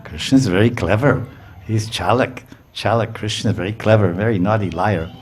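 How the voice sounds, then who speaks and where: A man giving a religious lecture, telling a sacred story in a lively way, acting out the characters and checking in with his listeners. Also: lowish voice, moderate pace, slight background noise. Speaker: spiritual teacher.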